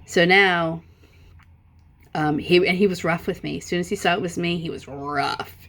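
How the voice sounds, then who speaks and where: A middle-aged woman with a low, gravelly voice tells a rambling story in a casual, animated way. She swears freely and pushes her voice up sharply on emphatic points. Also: normal speed. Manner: animated, profane, voice jumps up when emphatic. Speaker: vlogger.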